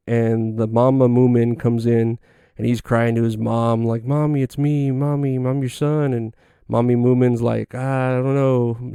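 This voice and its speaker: Laid-back profane man with mellow voice. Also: medium pitch, clean tone, no room sound, studio quality. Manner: loose, profane storytelling with frequent fillers. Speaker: podcast host. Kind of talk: casual solo podcast monologue.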